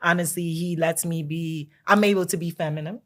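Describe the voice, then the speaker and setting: A woman's voice: on the low side, fairly even intonation, brisk, a bit bright. Giggly New woman, chatty guest. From Brooklyn, New York. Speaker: realtor guest. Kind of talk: casual interview chat.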